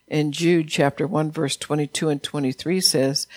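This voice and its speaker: A man preaching a sermon in a church, reading scripture and prophetic words with earnest emphasis and growing louder when he quotes God. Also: fairly high pitch, fairly even intonation, moderate pace, few pauses, no room sound. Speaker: pastor.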